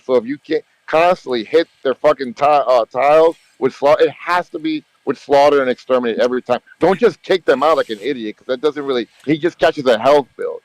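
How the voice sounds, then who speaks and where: Brief: man, mid pitch, casual chat host, rambling and emphatic, swears a lot, dry close sound. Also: no room sound, poor audio. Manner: emphatic, rambling, repeats himself, swears freely. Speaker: gaming channel host. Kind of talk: casual group voice chat about a mobile strategy game.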